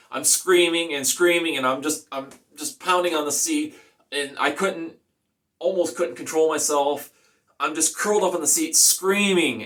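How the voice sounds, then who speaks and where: Man recounting his own illness, emotional telling, mid-range voice, frequent restarts, voices his past pleas louder. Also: mid-range voice. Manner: emotional, restarts and repeats phrases; reenacts his own pleading quotes louder. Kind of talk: personal storytelling vlog.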